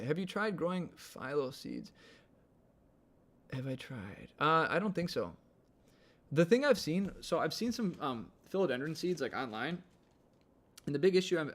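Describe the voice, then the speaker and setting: Fairly high in pitch with a touch of vocal fry, a man's Midwestern American voice carries a laid-back live-stream chat from his home. He drifts from topic to topic, using "like" again and again.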